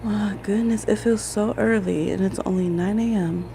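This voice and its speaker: A woman's voice: mid-range voice, fairly even intonation, moderate pace, vocal fry, mellow, poor audio. A woman with a Midwestern American accent, chatting casually on a live stream as a tarot reader, greeting viewers and laughing often. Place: home, room with a lamp, rain outside. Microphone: phone. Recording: home phone stream with rain noise.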